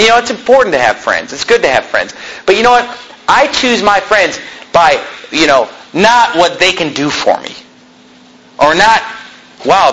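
A man preaching a sermon in a lively, joking way, acting out quoted people in a high voice. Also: slightly rough, rough recording. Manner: animated, jokey, acts out quoted people in a high voice.

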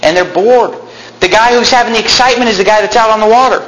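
Brief: male preacher, high and bright, animated delivery with shouted bursts, roomy echoing church hall. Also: fast. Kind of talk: sermon.

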